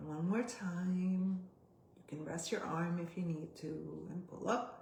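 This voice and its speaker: Slow, gentle woman coaching body exercises. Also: fairly low pitch, steady tone, gravelly. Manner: gentle, slow cues with audible sighs. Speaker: somatic coach. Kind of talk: guided body exercise instruction. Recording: roomy echo.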